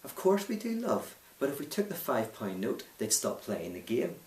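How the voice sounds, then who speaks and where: A man's voice: mid-range voice, wildly swooping pitch, normal speed, a little mellow, pitched above the performer's own voice. A Northern Irish man doing a sly old drunk. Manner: sly, knowing. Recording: roomy, distant mic.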